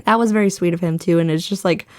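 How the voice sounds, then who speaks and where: A woman co-hosting a podcast in relaxed casual chat, using lots of filler words and laughing often. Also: fairly low pitch, quick pace, dry recording, studio quality. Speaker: podcast co-host.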